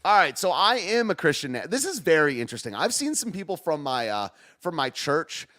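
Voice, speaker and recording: A man's voice: a little high, very animated, a little fast, sharp tone, faint music behind. A man hosting a podcast, talking in a sarcastic, rambling way and laughing at himself. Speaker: podcast host. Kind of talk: casual political podcast rant.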